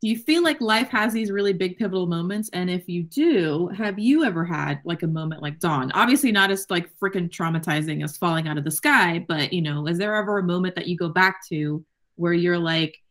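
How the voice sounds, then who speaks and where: A woman co-hosting a book club podcast in casual chat, animated and profane, acting out quotes and laughing often. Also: lowish voice, a little fast. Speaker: podcast co-host.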